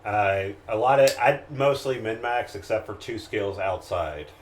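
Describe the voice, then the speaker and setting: A man playing a tabletop game with friends, chatty and quick to protest. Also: fairly low pitch, a little hiss or hum. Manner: bright, chatty, protests and jokes. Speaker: player. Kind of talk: casual chat at a game table.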